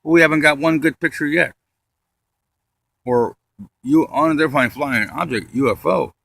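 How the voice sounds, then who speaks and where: Bright-voiced man doing a rambling stand-up set. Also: on the high side, moderate pace, creaky, dry recording. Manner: rambling, deadpan delivery with frequent cursing. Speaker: stand-up comedian.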